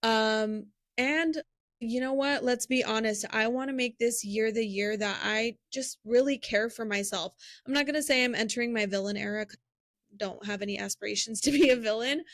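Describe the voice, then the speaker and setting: Young woman podcast cohost, kinda high voice, earnest and upbeat, dry close sound. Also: normal speed, fairly bright tone, no room sound. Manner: earnest, upbeat, laughs easily. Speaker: podcast co-host. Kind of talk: casual chat.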